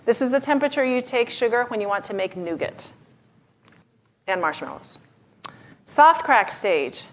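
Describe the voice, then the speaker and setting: A woman's voice: a little high, animated, normal speed, pauses often, a little hiss or hum. A woman giving a live cooking demonstration as a lecturer in a hall, explaining each step in a chatty way with fillers. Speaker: pastry chef lecturer.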